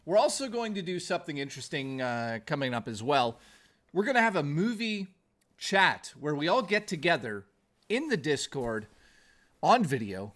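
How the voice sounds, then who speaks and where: A man's voice: fairly high pitch, sing-song, moderate pace, a bit bright. A man hosting a live stream in a jokey, rambling way, greeting chat viewers by name.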